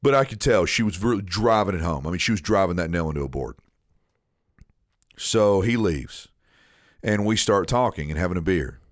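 Man, casual storyteller, low pitch, dry close sound, repeats words, quotes others. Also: animated, normal speed, dry recording. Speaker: storyteller on a chat show.

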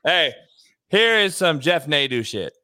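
A man's voice: fairly high pitch, sing-song, measured pace. A man hosting a casual sports talk show, blunt and teasing. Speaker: host.

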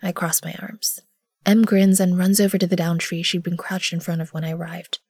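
A woman gives first-person narration for an audio drama, measured and often dropping to a hush. Her voice sits a little low and sounds dry and close to the mic. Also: little pitch movement, no echo. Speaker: narrator and lead character.

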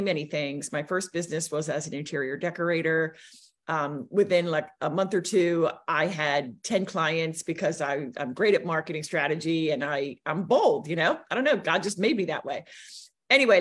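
A woman in her forties, a guest on a livestream, telling her life story in a lively, animated way. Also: moderate pace. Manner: lively storyteller, swings pitch a lot. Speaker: guest, business coach.

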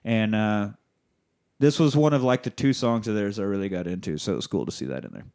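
A man's voice: fairly low pitch, fairly quick, darkish tone. A man hosting a podcast who recaps a movie in a loose, profane, rambling way. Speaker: podcast host.

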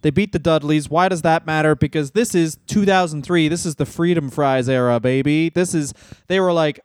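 A man co-hosts a comedy podcast with a fairly high voice, riffing in loose, profane chat. He keeps stopping to correct himself with quick asides. The sound is close and dry, with no room around it. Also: clear, resonant tone, dry recording. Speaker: podcast co-host.

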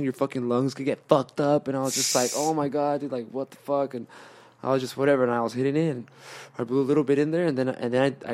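A man's voice: medium pitch, darkish tone. A young man telling a long story in casual chat, slangy and profane, with lots of restarts. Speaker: podcast guest telling a story.

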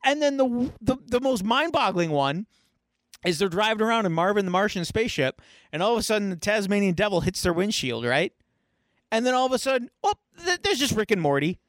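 Podcast co-host, man, high voice, swears freely, animated retelling, dry close mic. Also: fairly quick, dry recording. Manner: animated, profane storytelling. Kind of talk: casual chat.

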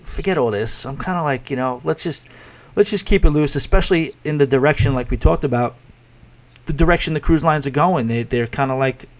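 A man's voice: a little high, a little fast, highs cut off. A man with a New York accent hosting a podcast, chatting casually and self-deprecatingly with lots of restarts. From New York City, USA. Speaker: podcast host. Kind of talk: casual interview chat.

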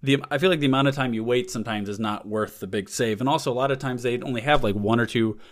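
A man's voice: mid-range voice, fast. Laid-back joking podcast guy. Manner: playful, laughs often, riffs on bits. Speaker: podcast co-host. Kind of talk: casual comedic chat.

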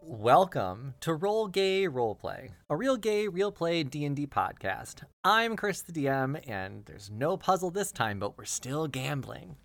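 A man's voice: on the high side, sing-song, unhurried, creaky, few pauses, a bit bright. A man hosting a tabletop role-play podcast as game master, with a playful, upbeat manner. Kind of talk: casual podcast chat.

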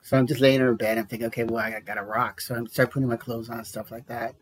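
A man's voice: medium pitch, flat delivery, fast talker, breathy edge. A man on a podcast telling a rambling, self-deprecating story in casual chat, laughing often.

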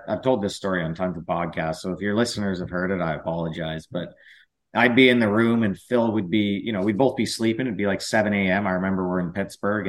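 A man, a former pro hockey player, chatting as a podcast guest and telling rambling stories with many restarts. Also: sits low. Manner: rambling storyteller with frequent restarts. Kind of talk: casual chat.

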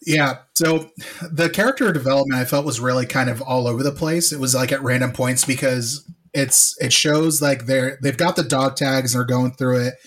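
A man's voice: mid-range voice, normal speed. A man co-hosting a casual movie podcast, telling stories animatedly and acting out quotes. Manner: animated storyteller, laughs, acts out quotes. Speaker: podcast co-host.

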